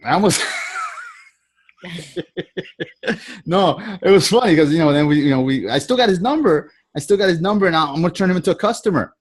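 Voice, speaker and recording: Here a sales trainer guides a group video call in easygoing coaching mode, his slightly high, somewhat rough voice animated yet broken by long pauses. He moves at a moderate clip, drifting off topic and often restarting or echoing what he just said.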